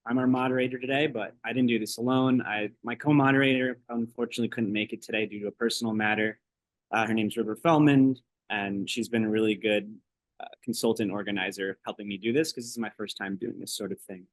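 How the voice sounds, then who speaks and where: A young man moderates a public talk and speaks hesitantly, stumbling over fillers as he introduces the speaker and asks his questions. His voice sits fairly low, and the sound is dry and close. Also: fairly even intonation, dry recording, low-quality recording. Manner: nervous, halting, with many ums and uhs. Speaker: event moderator.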